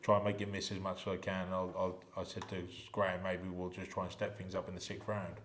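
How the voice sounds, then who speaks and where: Fast low male guest, middle-aged, from England, lively anecdotes. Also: echoey room, slight background noise. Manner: animated anecdotes, acts out quoted voices. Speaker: retired boxer, podcast guest. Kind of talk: casual storytelling chat.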